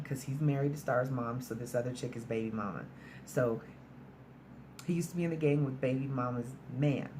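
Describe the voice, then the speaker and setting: A woman's voice: rumbling low, a little mellow, a little hiss or hum. A woman casually recapping a film's plot in a chatty, storytelling way, sprinkled with "like" and mild swearing. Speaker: movie reviewer.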